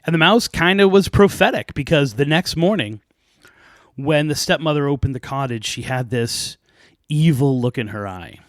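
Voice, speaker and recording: A man's voice: fairly high pitch, normal speed, no echo. Guy telling an old fairy tale to his podcast, chatty, dry close sound. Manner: lively retelling with asides and light laughs. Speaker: podcast host. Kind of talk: casual storytelling of a folk tale.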